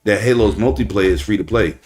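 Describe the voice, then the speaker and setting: A man hosting a casual gaming podcast, loose and hyped, shouting out friends and guests. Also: on the low side, fairly quick, crowd noise. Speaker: podcast host.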